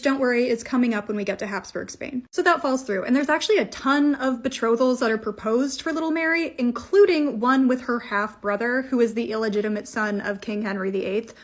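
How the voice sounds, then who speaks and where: Irreverent, foul-mouthed woman telling history. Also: a little high. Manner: irreverent, profane, slangy. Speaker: history podcast host. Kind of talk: casual comedic history narration.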